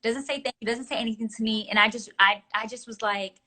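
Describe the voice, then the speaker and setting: A woman interviewing over a video call, telling stories in an animated way. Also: fairly high pitch, fast. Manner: animated storyteller.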